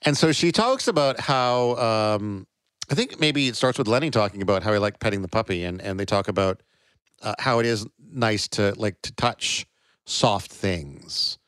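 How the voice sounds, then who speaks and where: Low-voiced man in casual book talk. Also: animated, moderate pace, fairly bright tone, clean tone, no echo, studio quality. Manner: reads aloud, raising his pitch for quoted lines. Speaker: podcast co-host. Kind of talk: casual book discussion with a dramatic reading.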